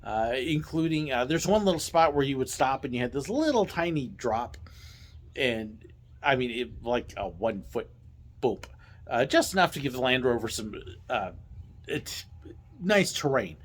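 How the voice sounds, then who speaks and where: A man hosting a vlog, casually telling stories from his theme park job in a playful, animated way and acting out the voices. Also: medium pitch, moderate pace. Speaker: vlog host, former theme park ride driver. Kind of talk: casual storytelling.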